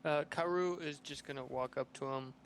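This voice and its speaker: A man playing a tabletop game, describing his character's actions slowly and calmly. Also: fairly high pitch. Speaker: player. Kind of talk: casual tabletop play. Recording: faint background noise.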